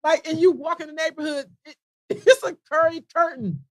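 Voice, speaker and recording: High-voiced chatty woman on dry mic. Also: normal speed, no room sound. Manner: chatty, reads listener comments aloud, laughs easily. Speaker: radio co-host. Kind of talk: casual morning-show banter.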